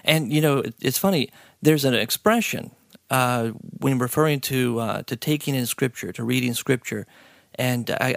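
A man hosting a podcast interview, who also teaches high school, talking in an earnest, halting way. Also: vocal fry, no echo, studio quality. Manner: earnest, halting, easily impressed. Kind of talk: casual interview chat.

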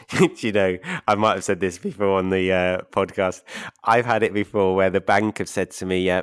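A man hosts a podcast with a lowish voice, upbeat and quick to laugh. He works through numbers step by step in a casual, encouraging way. The sound is dry and close. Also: dry recording. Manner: upbeat, laughs often, explains figures step by step. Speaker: podcast host and property investment mentor.

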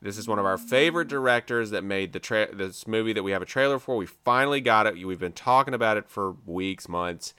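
A man from the US South co-hosting a casual, joking chat about movie trailers, full of fillers and excited asides. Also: lowish voice, brisk, smooth, dry recording, studio quality. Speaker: podcast co-host.

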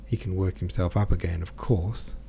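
A man voicing an aging, worried merchant father who speaks to his daughter gravely and gently. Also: deep voice, steady tone, moderate pace, slight background noise. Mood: grave, gentle.

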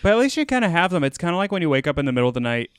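Man with a smooth, dry, close voice. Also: a little high, sing-song, rapid-fire, no room sound. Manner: rambling, filler-heavy, jokey. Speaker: podcast co-host. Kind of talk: casual chat.

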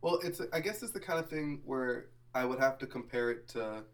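A man chatting on a podcast about a movie he has just seen, thinking aloud as he goes. His voice sits at a middle pitch, and the talk is loose and relaxed, with plenty of "like" and "you know". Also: moderate pace. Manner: relaxed and reflective, uses many fillers. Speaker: podcast co-host. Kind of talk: casual movie discussion.

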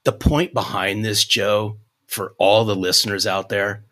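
A man in his fifties, a sales coach guest on a podcast, telling a story in an animated, folksy way. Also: lowish voice, a little slow. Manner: animated, restarts sentences, folksy.

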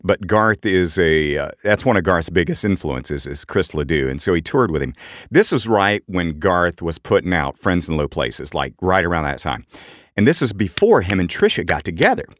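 A middle-aged man co-hosting a podcast, telling animated anecdotes in casual chat and jumping up in pitch for quoted voices. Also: normal speed, no echo, clean studio sound. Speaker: podcast co-host.

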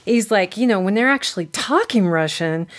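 A woman's voice: mid-range voice, expressive, normal speed. A woman co-hosting a podcast, telling stories in a rambling, chatty way during casual conversation. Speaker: podcast co-host. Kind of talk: casual chat.

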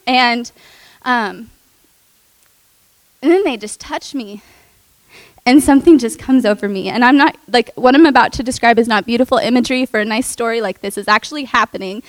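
A young adult woman telling a personal testimony in an earnest, emotional way, with many fillers and soft laughs. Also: fairly high pitch, normal speed, pauses often, dry recording, poor audio. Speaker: speaker sharing a testimony.

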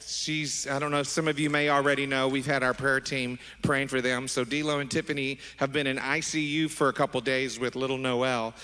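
A middle-aged man preaching as a pastor, animated and affectionate, wandering into asides with his congregation. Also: medium pitch, moderate pace, few pauses. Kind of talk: sermon. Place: large church sanctuary. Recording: long hall reverb.

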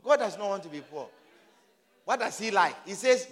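A man preaching a sermon to his congregation, emphatic and often shouting, repeating his phrases for force. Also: high voice, lively intonation, normal speed, long reverb tail.

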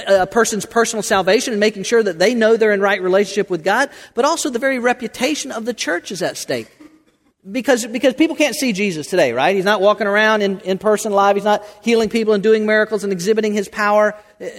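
A man's voice: high voice, fast talker. A man preaching a sermon as pastor, talking conversationally with frequent restarts and rhetorical questions. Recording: long hall reverb.

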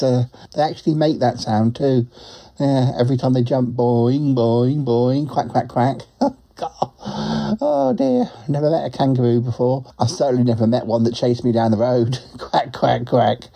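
A man with a warm, medium-pitched voice plays a roving reporter in a comic character monologue: a chatty, good-natured talking duck on his travels. The duck rambles, giggles and adds quacks to his sentences.

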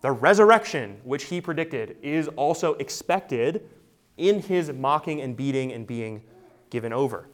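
A man's voice: medium pitch, expressive, measured pace. A man preaching an expository sermon, emphatic and full of rhetorical questions. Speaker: pastor.

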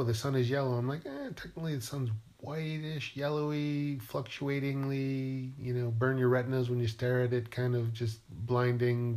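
A man's voice: mid-range voice, darkish tone. A man, a writer, musing playfully in a rambling monologue and asking himself questions aloud.

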